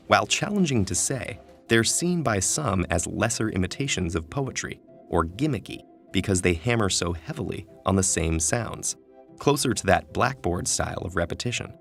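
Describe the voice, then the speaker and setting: Brief: man, measured educational narrator, gravelly fry in the voice. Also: lowish voice. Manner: calm, measured, slows for quoted verse. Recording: soft music underneath.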